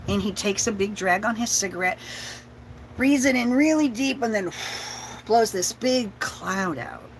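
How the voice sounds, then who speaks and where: A woman's voice: mid-range voice, lively intonation, measured pace, a little hiss or hum, poor audio. A woman telling a personal story with profanity and laughter, acting out her family's voices. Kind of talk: personal story told to an audience.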